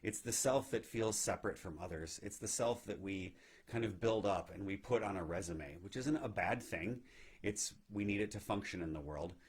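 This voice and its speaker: Low, husky-voiced man teaching meditation. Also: normal speed. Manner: gentle, reflective, frequent "right?" check-ins. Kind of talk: spiritual teaching talk. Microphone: live video stream.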